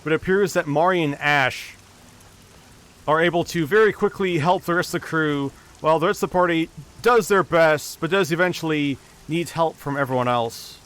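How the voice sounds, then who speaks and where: A man narrating as dungeon master of a tabletop game, steady storytelling with small restarts. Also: on the high side, moderate pace.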